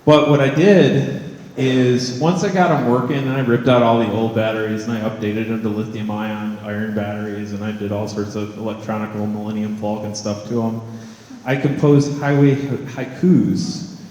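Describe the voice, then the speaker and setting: A man's voice: on the low side, steady tone, moderate pace, a little mellow. Wry man speaking in an echoey hall. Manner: wry, joking, conversational. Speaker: artist and college professor giving a talk. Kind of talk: public talk to an audience. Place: large hall with audience. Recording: echoey hall with long reverb.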